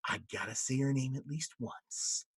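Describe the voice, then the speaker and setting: A man's voice: medium pitch, normal speed, a bit bright, breathy edge, no room sound. A man voicing a laid-back, streetwise male imp who mumbles in a slangy way and keeps calling people "man.". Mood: conspiratorial.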